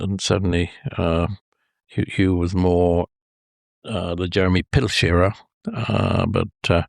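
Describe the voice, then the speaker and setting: A man's voice: deep voice, creaky, no room sound, studio quality. An older Irish man telling anecdotes in an interview, rambling with many hesitations and chuckling at his own stories. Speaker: golf historian guest.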